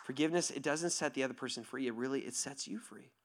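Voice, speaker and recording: A male pastor preaching in a lively, conversational way, often checking in with "right?" and swinging from near-shouts to hushed whispers. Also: medium pitch, fast. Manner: animated, conversational, asks "right?" constantly. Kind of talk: sermon.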